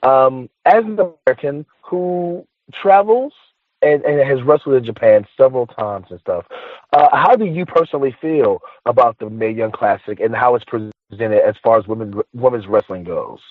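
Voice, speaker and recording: Male podcast host, loose and jokey, rushes his questions; thin phone line. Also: mid-range voice, lively intonation, no echo. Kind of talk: casual interview hosting. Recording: tinny phone line, dry.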